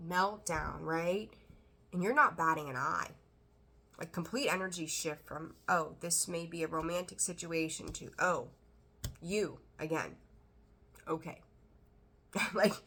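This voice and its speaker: A woman's voice: fairly low pitch, bright, forceful tone. A woman giving a casual tarot reading, talking bluntly and chattily, swearing now and then. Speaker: tarot reader.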